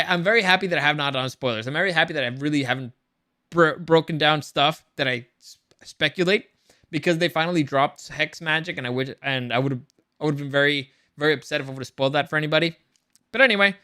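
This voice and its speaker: Male reviewer, casual and speculative, restarts often; pitched a bit high, with a bright, sharp tone. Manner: rambling, many restarts and repeated words; excited, speculative. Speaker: show reviewer.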